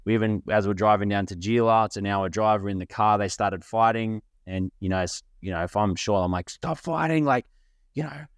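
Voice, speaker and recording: A man with a deep, low voice tells a candid personal story as the host of his own show. His talk rambles and turns emotional, packed with "like" and the occasional swear. The sound is dry and close, with no room around it. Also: flat delivery, brisk, hardly any pauses, smooth, no echo. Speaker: podcast host.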